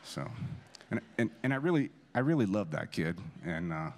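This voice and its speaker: A man's voice: lowish voice, very animated, moderate pace, background noise. A man in his forties giving a eulogy in a church, telling self-deprecating, funny stories about a friend's son. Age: 40s. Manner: self-deprecating humorous anecdotes, many restarts. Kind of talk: storytelling eulogy at a memorial service.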